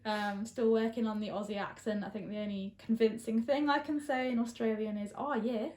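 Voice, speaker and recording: A woman's voice: mid-range voice, steady tone, a little fast, a little mellow. Chatty Englishwoman in an echoey room. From England. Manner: chatty, laughs often, many fillers. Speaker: guest. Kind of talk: casual chat.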